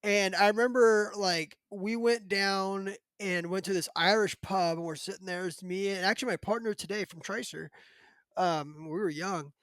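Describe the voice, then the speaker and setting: A man in his thirties hosting a podcast, telling a casual story in a rambling, filler-heavy, animated way. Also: high-pitched, moderate pace, clear, resonant tone, no room sound. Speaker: podcast host.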